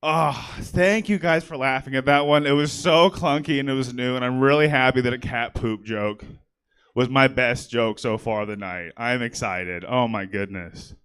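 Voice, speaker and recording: A man's voice: mid-range voice, normal speed, a bit bright, clean tone. Chatty young man doing stand-up. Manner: chatty, self-deprecating, full of "like" fillers. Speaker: stand-up comedian. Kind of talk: stand-up set with crowd work. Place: comedy theater stage.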